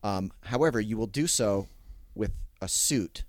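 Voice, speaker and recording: A man hosting a casual comedy podcast, laying out absurd scenarios in a deadpan way. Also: lowish voice, measured pace, dry recording. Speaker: podcast host.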